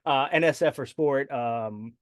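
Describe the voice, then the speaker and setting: A man's voice: mid-range voice, measured pace, no room sound, studio quality. Man explaining supplements, "right?" tags. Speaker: sports dietitian guest. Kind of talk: podcast interview.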